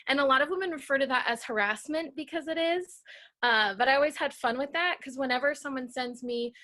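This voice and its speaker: A woman with a bright, slightly high voice delivers a deadpan stand-up bit. She pauses often and fills the gaps with ums. Her sharp tone keeps each dry line crisp. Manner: hesitant, frequent ums. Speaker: comedian guest. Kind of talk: deadpan stand-up set and improv banter.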